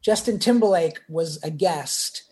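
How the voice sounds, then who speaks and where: A man's voice: fairly high pitch, unhurried. A man who is a podcast guest, telling a casual anecdote and acting out the voices of the people in it. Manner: animated, acts out quoted voices. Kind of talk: casual storytelling.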